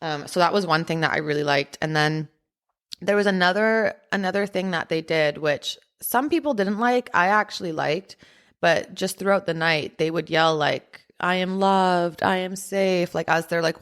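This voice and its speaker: This podcast host speaks in a low, slightly bright voice. Her personal story comes out casual and chatty, packed with "like" and "um" fillers.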